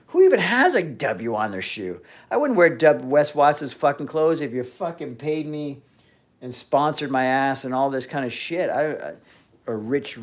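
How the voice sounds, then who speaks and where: Casual livestream host, male, somewhat high voice, profane and rambly. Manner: profane, rambling, trailing off mid-sentence.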